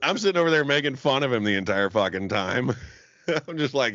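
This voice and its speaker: Telling a long, rambling story on a podcast he co-hosts, a young man laughs frequently and curses constantly in a casual chat. His medium-pitched voice is animated, fairly bright and fairly quick. The lo-fi recording sounds dull, with no room sound.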